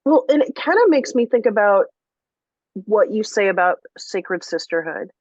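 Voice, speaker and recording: A woman's voice: medium pitch, lively intonation, moderate pace, darkish tone, dry recording. A woman hosting a podcast in a casual conversation. She talks frankly and thoughtfully and swears freely. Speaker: podcast host. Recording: dry, slightly muffled audio.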